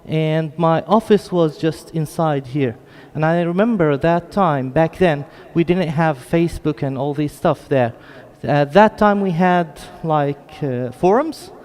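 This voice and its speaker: A man's voice: a little high, a little slow, hardly any pauses, darkish tone. A man from Jerusalem with a British-tinged English accent, giving an earnest, chatty lecture to a mosque audience with apologetic asides. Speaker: guest lecturer. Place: large hall at an Islamic center. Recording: long echo of a big hall.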